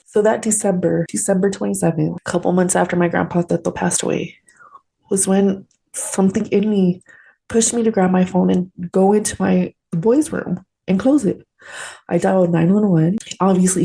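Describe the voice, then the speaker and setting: Woman with a creaky, mellow voice, chatty and open, telling her story. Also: fairly low pitch, steady tone, moderate pace. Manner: candid, conversational, many fillers and tag questions; earnest, emotionally open. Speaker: podcast host. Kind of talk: personal storytelling monologue.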